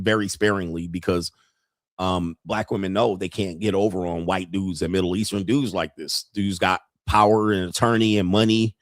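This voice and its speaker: A male livestream host in a crude comedic rant, animated and acting out the people he talks about. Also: fairly low pitch, no room sound, clean studio sound.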